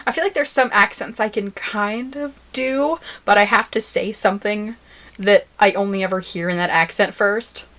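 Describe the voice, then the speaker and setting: A woman co-host in a relaxed podcast chat, laughing easily as she runs through facts she has looked up. She talks at a middling pitch and keeps the conversation moving. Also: moderate pace. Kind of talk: casual chat.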